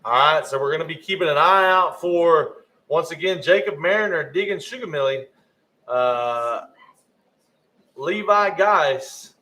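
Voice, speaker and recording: A man's voice: on the high side, measured pace, sharp tone, rough recording. A man giving live race commentary, often stumbling over rider names and correcting himself.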